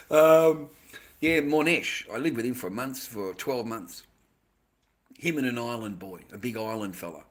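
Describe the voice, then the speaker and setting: A man's voice: mid-range voice, sharp tone. An Australian man livestreaming, rambling in casual chat, swearing constantly and ending his lines with "mate".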